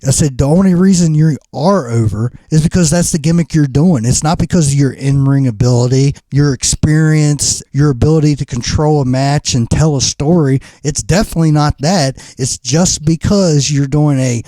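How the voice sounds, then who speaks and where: A man's voice: fairly high pitch, normal speed, hardly any pauses, warm tone, no echo. A middle-aged man, a pro wrestler and trainer, ranting bluntly and profanely in a podcast interview.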